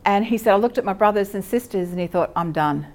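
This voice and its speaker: A woman's voice: mid-range voice, quick pace, darkish tone. Woman giving a church teaching. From Australia. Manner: conversational, with fillers and self-corrections. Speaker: speaker at a church teaching session. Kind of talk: sermon teaching.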